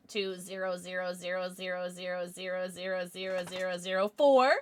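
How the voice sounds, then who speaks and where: Chatting casually with her viewers on a livestream, a woman coos over her pets and laughs often, all in a bubbly way. Her voice sits fairly low, with a steady, clean tone and a normal speed.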